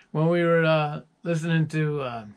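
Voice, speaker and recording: A man's voice: fairly high pitch, clear, resonant tone. A musician chatting casually to his viewers, rambling through stories with chuckles. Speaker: musician presenting his album.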